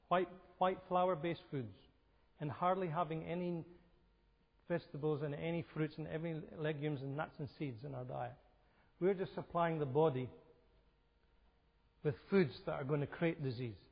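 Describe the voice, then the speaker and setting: A man's voice: fairly high pitch, normal speed, pauses often. A man giving a health seminar talk in a church, conversational and asking his audience questions. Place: church hall. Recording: lo-fi recording with hall reverb.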